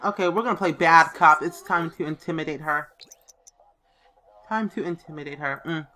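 A woman's voice: low voice, normal speed, pushed and bright. A woman casually commenting on a life-simulation game as she plays, reading options aloud and playfully voicing the characters. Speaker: let's play host. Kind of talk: gaming commentary.

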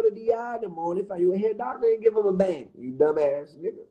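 A man's voice: sits high, fast talker, few pauses, lo-fi sound. Profane, mocking DC-area man. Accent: Washington DC area. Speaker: livestream host. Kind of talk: casual roasting rant.

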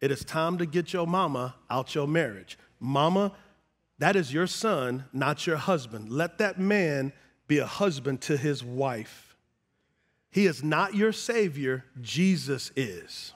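A middle-aged man preaching a sermon as pastor, talking straight to the congregation and rising to loud, emphatic peaks. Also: a little high, lively intonation, slow pace. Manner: preachy, builds to shouting, call-and-response asides. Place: large church sanctuary. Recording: long hall reverb.

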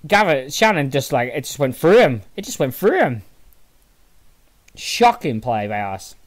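A tired, yawning man commentating casually on his own football management game, muttering low between excitable outbursts. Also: unhurried. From Northern Ireland. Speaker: gaming channel host.

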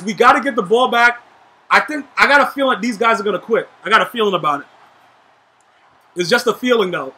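A young man giving live gameplay commentary, trash-talking and shouting at his teammates in a hyped way. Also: high-pitched. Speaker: gaming YouTuber.

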